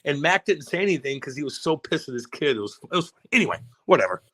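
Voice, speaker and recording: A man co-hosting a podcast speaks in a husky, fairly high-pitched voice at a quick pace, with no room sound. He launches into a rowdy, profane story told casually, performing the quotes in an animated way.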